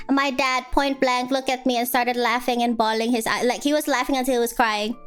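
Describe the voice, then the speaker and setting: A woman's voice: a little high, steady tone, fairly quick, smooth, soft background music. A young woman streamer in casual chat, telling a rambling story full of fillers.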